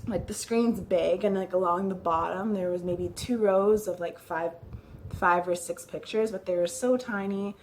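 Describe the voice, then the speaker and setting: A woman's voice: fairly low pitch, moderate pace, a little hiss or hum. A woman vlogging, telling a personal story to the camera in a casual, rambling way, full of "like" and restarted sentences. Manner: chatty, fills with "like", restarts sentences. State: recounting a nervous, upsetting visit.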